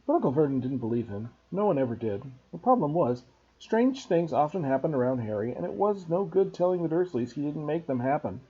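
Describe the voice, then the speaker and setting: A man, a teacher, reading a children's novel aloud to students in an expressive storybook narration. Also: on the high side, brisk, breathy edge, muffled recording.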